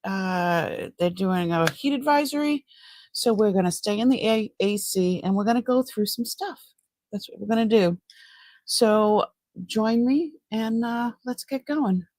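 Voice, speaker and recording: A middle-aged woman with a Boston accent, originally from Massachusetts, speaks in a medium-pitched, darkish voice at a measured pace. Indoors at home by a counter, she hosts a relaxed live-stream as a seller, rambling along and welcoming viewers by name.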